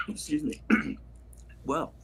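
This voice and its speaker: Speaking extremely slowly in a bright, forceful tone, a male voice actor chats casually on a livestream as he signs prints. He rambles from one anecdote to the next, frequently restarting sentences and wandering into asides.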